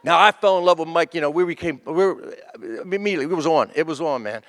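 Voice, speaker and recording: A man in his fifties, a stand-up comedian, spins loose, rambling stories onstage and acts out every character. His voice sits a little high and has a gravelly fry. He talks into a handheld mic. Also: fast talker, fairly bright tone. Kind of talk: stand-up storytelling at a memorial tribute. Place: stage in front of a live audience.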